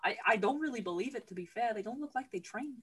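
Higher-pitched female host, giggly comic storyteller who swears casually. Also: expressive, fast talker, a bit bright, breathy edge. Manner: chatty, laughs often, swears casually. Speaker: podcast host. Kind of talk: comedic movie recap.

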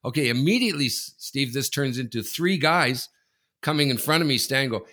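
A man in his forties co-hosting a casual sports podcast, telling a rambling anecdote full of restarts that builds to loud excitement. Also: medium pitch, a little fast, creaky. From Canada. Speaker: podcast co-host. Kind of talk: casual sports talk, storytelling.

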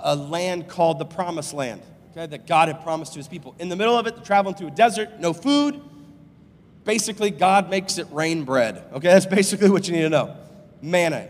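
Man, pastor, sermon, casual slang, quiet asides then loud preaching, high voice, long reverb of a big hall. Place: large church sanctuary.

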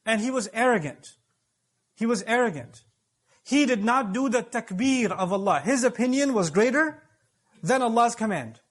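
A male preacher delivers a Friday sermon in a high voice. He speaks emphatically, explains each point and turns to his audience with questions. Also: animated, normal speed.

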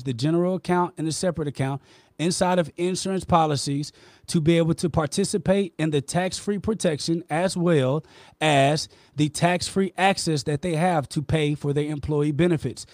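A man's voice: on the high side, darkish tone, no echo. Passionate insistent man debating. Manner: passionate, insistent, explaining rapidly. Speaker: podcast host, insurance promoter. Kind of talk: heated debate.

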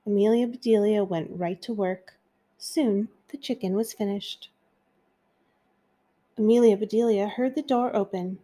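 A woman hosting a children's story podcast, reading aloud in a gentle, expressive way. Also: medium pitch, a little slow, long pauses.

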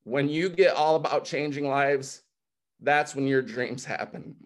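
A man's voice: medium pitch, a little slow. A man in his forties giving an emotional, fired-up motivational testimony on a video call, choked up at times. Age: 40s. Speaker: guest speaker.

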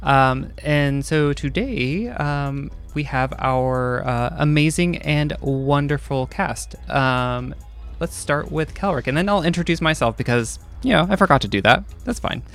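A man's voice: fairly high pitch, unhurried, a bit bright, faint music behind. A man hosting a tabletop game podcast as game master, talking with frequent ums and uhs. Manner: hesitant, many ums and uhs. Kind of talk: casual podcast chat.

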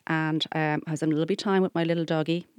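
An Irish woman co-hosts a comedy podcast and tells rambling stories, throwing in asides as she goes. Her voice is fairly low for a woman. It is recorded close and dry. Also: fairly even intonation, very fast, clean tone, no echo. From Ireland. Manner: rambling anecdotal storyteller, full of asides. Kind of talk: casual comedic chat.

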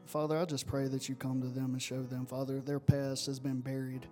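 A man leading a spoken prayer in church, earnest and steady, often repeating "Father" and "I just". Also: medium pitch, a little fast, soft background music. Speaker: prayer leader.

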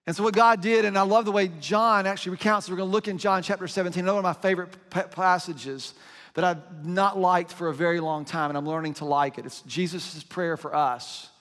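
A man's voice: high-pitched, steady tone, brisk, fairly bright tone, long reverb tail. A man preaching a sermon as pastor, in a conversational style, reading scripture aloud.

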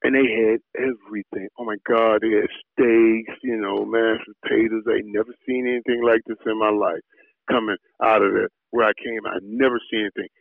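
A man's voice: lowish voice, brisk, vocal fry, no echo. Middle-aged guy from miami telling stories, gets worked up, stammers repeats, sounds like a phone line, dry. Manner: animated storyteller, repeats words when excited. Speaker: guest, former football player. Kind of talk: storytelling interview.

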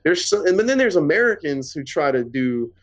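A man co-hosting a podcast in casual, rambling chat, swearing freely and getting animated. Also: a little high, brisk. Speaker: podcast co-host.

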